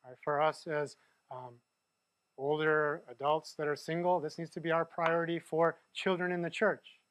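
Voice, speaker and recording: A man's voice: a little high, flat delivery, moderate pace, a bit bright, no echo. A man preaching a sermon in a conversational way, often checking in with the listeners. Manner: conversational, keeps asking "right?". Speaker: pastor.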